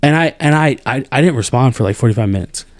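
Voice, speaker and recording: A man hosting a podcast, venting in an animated, exasperated way with many restarts. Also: mid-range voice, fast, no room sound, studio quality. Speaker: podcast host. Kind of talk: casual chat.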